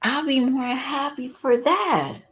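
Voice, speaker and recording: Speaking slowly in a high, fairly bright voice with a breathy edge, a woman addresses her viewers in a casual commentary vlog. Outspoken and emotional, she at times grows tearful and her voice cracks.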